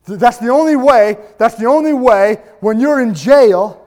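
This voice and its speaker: A man's voice: extremely high pitch, normal speed, darkish tone. A man preaching a sermon as pastor, fervent and emphatic.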